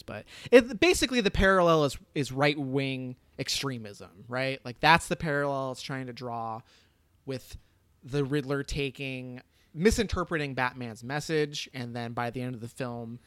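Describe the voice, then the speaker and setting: A man's voice: mid-range voice, moderate pace, no echo. Rambling man in casual film chat. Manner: rambling, many fillers, swears casually, animated. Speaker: podcast co-host reviewing a film.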